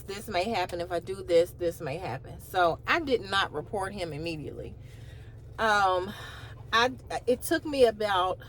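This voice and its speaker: A woman's voice: fairly low pitch, slight background noise. A woman vlogger casually telling a personal story, acting out the other side of a phone call with incredulous asides. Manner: animated retelling with rising, incredulous asides. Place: in a car.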